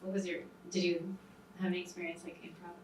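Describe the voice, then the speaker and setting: A woman's voice: fairly low pitch, little pitch movement, quick pace, a little hiss or hum. A woman film director speaking casually at a panel Q&A, with many fillers. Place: private screening venue. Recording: roomy hall, far from mic.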